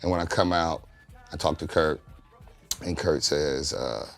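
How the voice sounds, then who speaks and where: A man co-founder of a recording studio, telling its origin story in a casual, profane, laid-back interview, getting lively when he quotes friends. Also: very deep voice, unhurried, vocal fry, soft background music.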